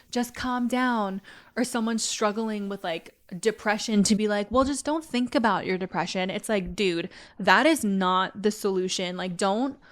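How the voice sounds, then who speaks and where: Young female podcast host, candid and chatty, mid-pitched, casual solo talk. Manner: candid and chatty, heavy use of "like".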